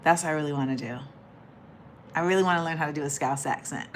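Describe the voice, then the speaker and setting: A woman's voice: low-pitched, fast, a little hiss or hum. A woman hosting a casual livestream, chatting playfully with viewers, reading their comments and laughing as she goes. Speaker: livestream host.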